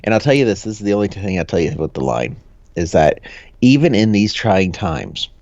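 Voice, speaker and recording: A man's voice: low-pitched, big pitch swings, fairly quick, darkish tone, no room sound. A man telling a rambling, jokey story in casual podcast chat, full of fillers and restarts. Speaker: podcast co-host. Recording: dull, dry lo-fi sound.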